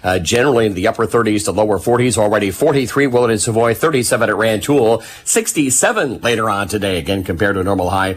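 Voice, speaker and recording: A man's voice: on the low side, slight background noise. A man giving a folksy radio weather forecast as the station meteorologist. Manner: brisk, folksy forecast delivery.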